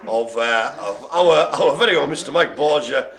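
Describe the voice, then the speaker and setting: Lively, bright-voiced bingo host. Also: male voice, medium pitch, moderate pace. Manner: jokey, teasing banter. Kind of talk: live-streamed bingo calling.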